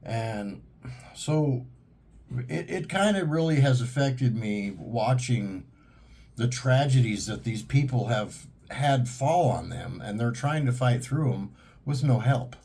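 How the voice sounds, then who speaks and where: Husky, angry man ranting. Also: mid-range voice, lively intonation, slow pace, warm tone. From United States. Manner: heated, profane, blunt rant. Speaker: vlogger. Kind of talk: monologue to camera.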